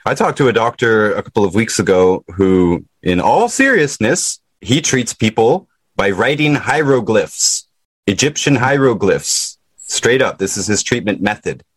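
A man hosting a podcast interview, talking in animated bursts and laughing often. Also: fairly low pitch, unhurried, slightly rough, no echo. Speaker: podcast host. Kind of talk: casual interview chat.

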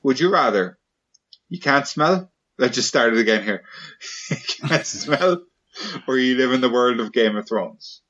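A male podcast host with a mid-range, somewhat bright voice chats casually at a moderate pace, though the audio sounds dull. He's playful, firing off question after question and slipping into silly voices.

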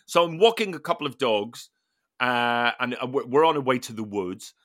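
A man hosting a podcast, telling a funny story in casual chat with animated, laughing delivery. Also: medium pitch, normal speed, no room sound, studio quality. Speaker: podcast host.

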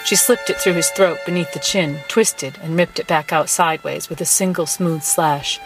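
Woman, guest reader, story narration, steady, clear music underneath. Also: deep voice, moderate pace, low-quality recording. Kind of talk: audiobook-style narration. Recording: music playing behind voice.

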